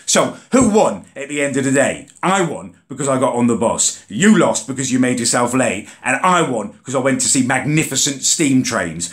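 A man's voice: mid-range voice, expressive, normal speed, few pauses. A young man telling an indignant rant to camera for his vlog, swearing casually. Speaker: vlogger. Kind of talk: ranting vlog storytelling.

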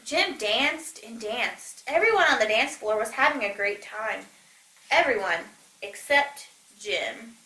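Woman storyteller, bright and expressive, reads a picture book in a roomy space. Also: takes it slowly. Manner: animated, voices each animal with pitch jumps. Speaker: children's story reader. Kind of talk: reading a picture book aloud. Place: church. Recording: echoey room.

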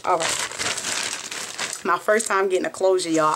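A young woman with a Southern US accent, chatting excitedly as she unboxes a package for her vlog, recorded on a phone at home. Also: fairly low pitch, normal speed, noisy background. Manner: chatty, bubbly and excitable, squeals with delight. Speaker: beauty vlogger. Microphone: phone camera.

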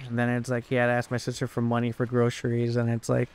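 A young man venting in a casual, rambling way while playing a game, swearing often and filling every pause with "like". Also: medium pitch, monotone, clear, resonant tone. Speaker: gaming YouTuber.

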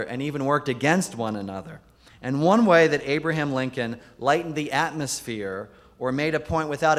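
A man, a Jesuit priest, giving a keynote talk full of funny anecdotes, dropping his voice to deliver quoted punchlines. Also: medium pitch. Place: large conference hall. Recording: long hall reverb.

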